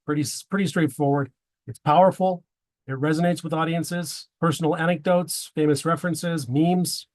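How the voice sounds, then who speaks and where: A man's voice: a little high, steady tone, moderate pace. A man giving a prepared presentation to a men's group, slipping wry dad jokes between his tips.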